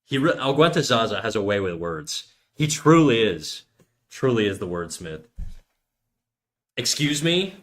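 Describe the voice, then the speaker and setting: A man's voice: on the low side, sing-song, a little slow, pauses often. Joking, foul-mouthed man. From Canada. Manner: crude, joking banter with lots of swearing. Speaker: streamer. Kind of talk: casual live-stream chat while drawing.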